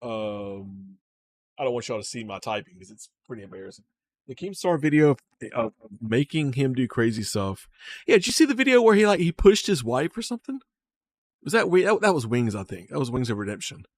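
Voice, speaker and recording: Animated, profane man streaming from home. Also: mid-range voice, fairly quick. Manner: loose, profane, talks to chat, reads comments aloud. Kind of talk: casual stream commentary.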